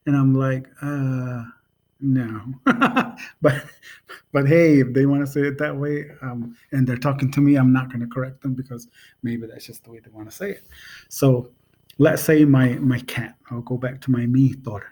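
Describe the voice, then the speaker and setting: A man giving a casual language lesson to camera, slow and halting, with many ums, patiently repeating sounds. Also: mid-range voice, fairly even intonation, a little mellow. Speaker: language teacher. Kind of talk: casual home video lesson.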